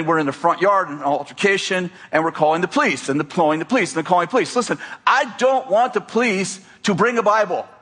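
Man, pastor, high voice, conversational sermon, playful, live church. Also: sharp tone, breathy edge. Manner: conversational, joking with the congregation. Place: church before a congregation.

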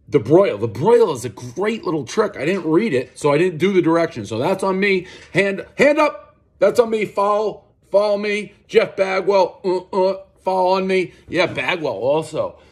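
A man's voice: fairly high pitch, husky. A man giving a casual, rambling and profane pizza review, telling stories as he eats. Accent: Boston. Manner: rambling, profane, animated storytelling.

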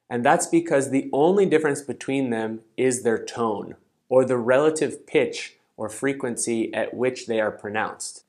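A man teaching a language lesson, explaining things step by step in a clear, methodical way and saying example words slowly and carefully. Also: mid-range voice. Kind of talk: scripted online language lesson.

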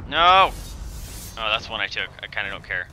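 A young man narrates his gameplay with a very bright, lively voice that leaps around in pitch. He yells at the game and turns mock-dramatic, over a faint hiss of background noise. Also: normal speed. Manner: excitable, yelling at the game, then mock-dramatic despair. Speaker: gaming streamer. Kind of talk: let's play commentary.

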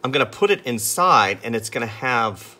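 A man's voice: medium pitch, animated, normal speed, sharp tone. A man talking casually through a drawing tutorial as he sketches, chatty and amused at himself. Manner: chatty, self-amused, talks while sketching. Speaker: artist teaching drawing.

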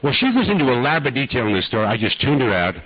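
A man's voice: medium pitch, big pitch swings, very fast, slight background noise. An older man preaching in a folksy, dramatic storytelling way that rises to impassioned pleading, on an archive recording. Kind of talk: storytelling sermon. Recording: dull lo-fi archive talk recording.

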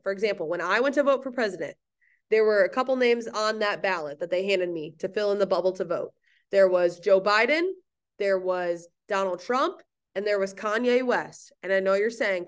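A woman teacher giving a recorded history lecture in an empty classroom, playful, jokey and chatty. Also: medium pitch.

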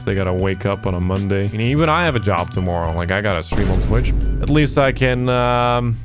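A man streaming an online shooter, giving laid-back, joking and rambling commentary while he plays. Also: on the low side. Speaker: game streamer. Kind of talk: casual gameplay commentary. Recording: gameplay recording with music behind.

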